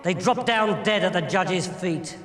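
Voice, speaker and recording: A man's voice: high voice, measured pace. A man telling a comic story dramatically and theatrically, often shifting his volume, over music.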